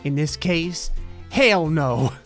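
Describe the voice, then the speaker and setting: A man's voice: on the high side, expressive, takes it slowly, a bit bright, soft background music. A man narrating a life-simulation playthrough in casual, wry commentary with sudden jumps upward when he laughs. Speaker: gameplay commentator. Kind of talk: casual let's-play commentary.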